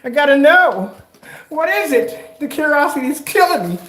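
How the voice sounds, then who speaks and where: Comic bit: a man putting on a pushy, curious male house cat. The voice is high-pitched, eager, pleading and impatient. The room is echoey. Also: very animated, moderate pace, a bit bright, distant mic, full character voice. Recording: roomy echo, faint noise.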